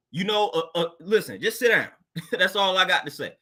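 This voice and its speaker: Bright, high-voiced man in casual talk. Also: lively intonation, normal speed. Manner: laid-back, conversational, laughs often, street slang. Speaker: podcast host. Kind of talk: casual monologue commentary.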